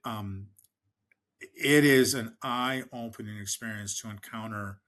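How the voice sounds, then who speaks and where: A man's voice: fairly low pitch, pushed and bright. A middle-aged American man, a fundraising expert and interview guest, telling long anecdotes with frequent fillers and restarts and acting out the people he quotes. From United States. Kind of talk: conversational storytelling in a podcast interview.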